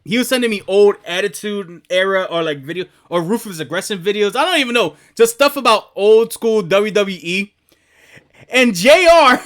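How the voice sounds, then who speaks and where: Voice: medium pitch, very animated, moderate pace. A streamer chatting casually, rambling, swearing and laughing often while setting up a video.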